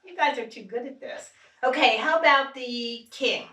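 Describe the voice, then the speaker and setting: A woman's voice: high-pitched, moderate pace, very noisy. A woman leading a group vocal exercise at a church retreat, playful and laughing often, congested from allergies. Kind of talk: casual workshop talk to a group. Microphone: distant room mic. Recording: echoey church room, mic far off.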